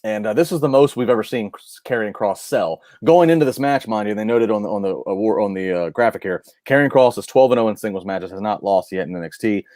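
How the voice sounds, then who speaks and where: A man co-hosting a wrestling podcast, giving an animated match recap in casual chat and often restarting his sentences. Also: lowish voice, quick pace, few pauses, dry recording, studio quality.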